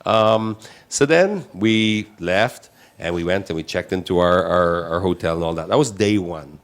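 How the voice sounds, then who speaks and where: A man telling a travel story with lively, laughing energy on a casual talk show, acting out voices in the quotes. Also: sits low, measured pace, a little hiss or hum. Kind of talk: animated storytelling chat.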